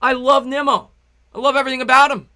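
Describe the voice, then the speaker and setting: A young man calls baseball play-by-play for his live stream, with a high, bright, ringing voice. He is excitable and chatty, breaking off between pitches to greet viewers and read their messages. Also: fast talker.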